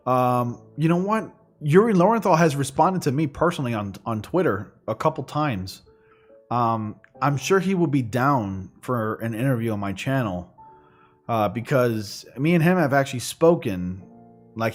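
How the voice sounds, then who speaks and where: A man hosting a gaming livestream, chatting casually in a rambling way, full of fillers. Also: medium pitch. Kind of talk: casual chat while streaming. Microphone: studio condenser microphone.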